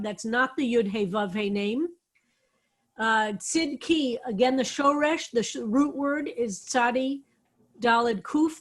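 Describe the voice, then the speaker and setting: A woman rabbi leading an online psalm study, explaining Hebrew words and roots on a video call. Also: a little high. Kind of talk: online Bible study class.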